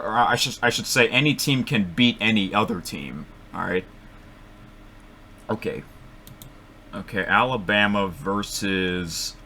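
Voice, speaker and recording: A man thinking aloud as he makes picks at his computer microphone, rambling and correcting himself, with sudden excited outbursts. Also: low-pitched, a little hiss or hum. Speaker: vlogger making bracket picks. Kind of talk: casual thinking-aloud commentary.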